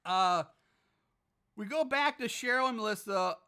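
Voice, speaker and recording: A man's voice: high voice, animated, a little slow, pushed and bright. Profane, exasperated man recapping a movie. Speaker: podcast host.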